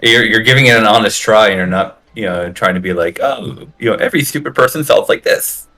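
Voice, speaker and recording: A man's voice: on the low side, fairly quick, sharp tone. A man playing a tabletop game, chatting casually and playfully. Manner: laughing, playful. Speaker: player.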